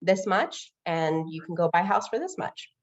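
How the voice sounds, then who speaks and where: In this casual interview chat, a woman on the low side of the pitch range speaks at normal speed about her work as a loan officer. Her delivery is energetic as she plays out quoted dialogue with clients, and the highs are cut off.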